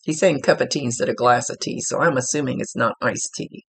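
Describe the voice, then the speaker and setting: Gravelly, husky man giving a reading. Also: medium pitch, fairly quick. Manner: relaxed, rambling, relaying messages aloud. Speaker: psychic medium. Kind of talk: casual spirit reading.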